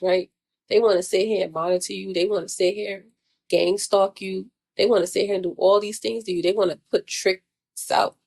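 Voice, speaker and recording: A woman's voice: mid-range voice, creaky, a little mellow. A woman vlogger, venting in a blunt, profane monologue full of repeated rhetorical questions. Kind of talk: casual spiritual venting monologue.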